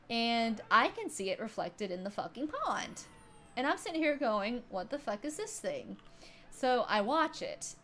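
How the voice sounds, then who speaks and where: A woman's voice: fairly high pitch, a bit bright, slight background noise. A woman livestreamer casually telling a story to her chat, swearing freely and laughing often.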